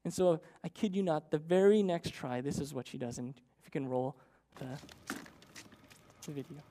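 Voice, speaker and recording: A man's voice: fairly high pitch, moderate pace, mellow. A man in his thirties, a pastor telling a personal story in a sermon, earnest and conversational, often checking in with "right?".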